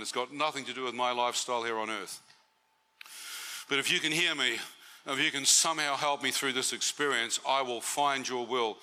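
A man's voice: mid-range voice, bright, forceful tone. A man giving a testimony sermon to a church meeting, conversational and often asking the audience questions.

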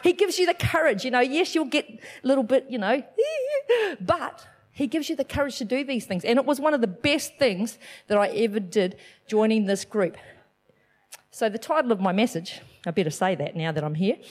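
High-voiced chatty woman sharing testimony. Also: moderate pace. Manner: chatty, animated, self-deprecating with laughs. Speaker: speaker giving a church message. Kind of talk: personal testimony sermon.

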